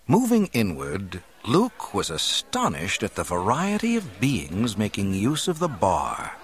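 A man narrating an adventure story aloud in an expressive, dramatic reading style. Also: low-pitched, a little slow, few pauses, breathy edge, dry recording. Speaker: audiobook narrator. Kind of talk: scripted narration.

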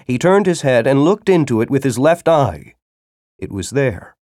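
A man's voice: medium pitch, big pitch swings, normal speed, no echo, studio quality. Dramatic male audiobook narrator. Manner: dramatic, shifts into urgent shouting dialogue.

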